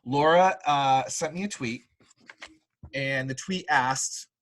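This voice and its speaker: In a low-quality recording, a man with a mid-range voice hosts a casual sports podcast, speaking slowly and telling rambling, animated stories full of fillers.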